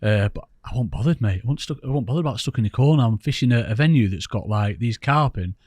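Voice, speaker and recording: An English man tells fishing stories in a rambling, chatty way, poking fun at himself as he goes. His pitch sits in the middle for a man. The room sound is close and dry, with little echo. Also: lively intonation, fast talker, a little mellow. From England. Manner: chatty, rambling, self-mocking. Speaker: podcast guest, angler. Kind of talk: casual storytelling interview.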